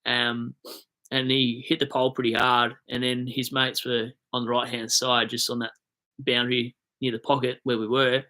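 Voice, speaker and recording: A man's voice: medium pitch, little pitch movement, normal speed, pushed and bright. A young Australian man hosting a livestream, telling rambling footy stories and reading chat aloud, swearing casually. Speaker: livestream host.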